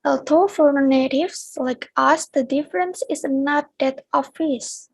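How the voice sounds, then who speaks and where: A woman's voice: sits high, a little mellow, dry recording, low-quality recording. A young Indonesian woman with an Indonesian accent, reading a prepared class presentation aloud as a student. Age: young adult. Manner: reads a prepared script aloud.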